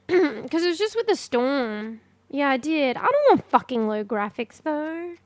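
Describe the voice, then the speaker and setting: A woman's voice: sits high, sing-song, measured pace. A young Australian woman chatting casually with her stream chat while gaming, swearing freely and offhand.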